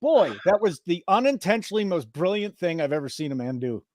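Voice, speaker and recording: A man's voice: high-pitched, sing-song, brisk, a little mellow, no echo, clean studio sound. A man hosting a sports betting show, joking and mock-indignant in casual banter.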